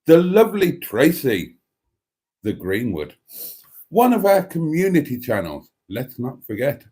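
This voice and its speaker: Man, livestream host, lively swinging pitch, chatty and self-deprecating. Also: unhurried, husky. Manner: chatty, self-deprecating, reads chat messages aloud. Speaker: livestream host reading chat. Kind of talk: casual live stream chat.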